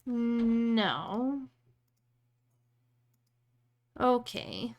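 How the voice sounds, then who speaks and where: A woman's voice: on the high side, animated, drawn-out words, lo-fi sound. Chatty woman thinking aloud. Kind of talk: casual live-stream chat.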